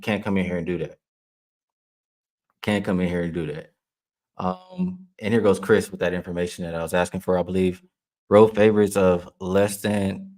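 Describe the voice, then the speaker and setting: A man with a notably low voice hosts a sports betting livestream. He talks casually, reads comments from the chat and answers them, and laughs easily along the way. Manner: casual, heated when ranting at a chat troll; laughs often while reading comments. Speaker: sports betting show host.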